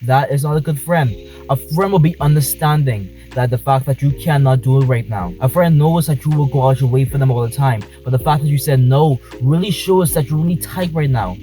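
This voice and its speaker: A man's voice: fairly high pitch, fairly quick, mellow, soft background music, poor audio. A man vlogging from inside a car, speaking passionately and emphatically, repeating his points. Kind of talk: talking to camera in a car.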